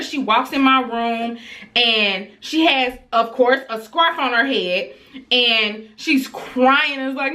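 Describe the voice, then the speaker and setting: A woman in her thirties tells a storytime to her viewers with a bright, forceful voice. She talks casually and animatedly, acting out her children's voices along the way. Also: high voice, animated, takes it slowly. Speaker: vlogger telling a story.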